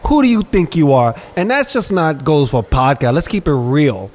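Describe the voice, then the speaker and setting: This man has a fairly high voice and talks at a moderate pace. Co-hosting a laid-back podcast, he tells stories with lots of energy and acts out quotes in street slang.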